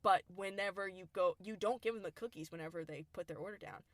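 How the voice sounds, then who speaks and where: A woman's voice: fairly low pitch, quick pace, no room sound. Chatty young woman telling a story. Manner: chatty, laughs often, lively retelling. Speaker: podcast co-host. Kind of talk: casual storytelling chat.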